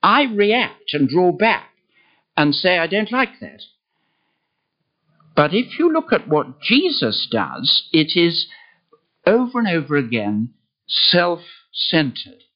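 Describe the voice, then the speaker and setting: An older man preaching a sermon, slow and emphatic. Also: dull audio. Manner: slow, emphatic, with lively swings of pitch.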